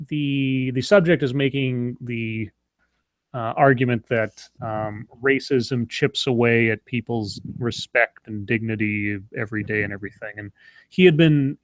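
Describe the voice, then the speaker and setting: A man's voice: mid-range voice, no echo. Dry-sounding male channel host. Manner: halting, many fillers and restarts. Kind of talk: casual chat.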